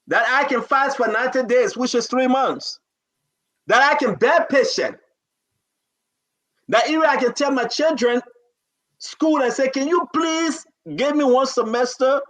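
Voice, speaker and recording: High, bright-voiced man ranting. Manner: fervent, rapid repetitions, pleading and scolding. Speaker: talk show host. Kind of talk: impassioned political commentary.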